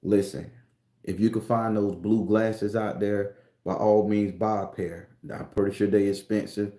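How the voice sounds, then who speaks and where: A man's voice: fairly low pitch, steady tone, a little slow, mellow. A man ranting casually to his viewers as a spiritual vlogger, profane, rambling and preachy. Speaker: spiritual tarot reader vlogger. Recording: roomy echo.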